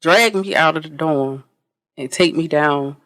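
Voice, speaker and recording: A woman guest on a podcast telling an animated, blunt story with swearing, often repeating herself and restarting sentences. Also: deep voice, a little slow, no room sound. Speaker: interview guest.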